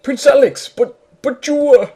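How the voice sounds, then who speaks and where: A man's voice: medium pitch, big pitch swings, moderate pace, a little mellow, breathy edge, faint music behind. A man voicing a kind old male shopkeeper in a fan reading of a game, with polite, formal speech. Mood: alarmed.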